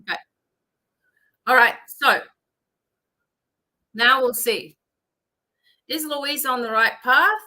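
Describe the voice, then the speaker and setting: A woman's voice: high voice, slow, pauses often, sharp tone. A woman hosting a live-stream psychic reading, chatty and instructive, with many fillers. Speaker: psychic reader.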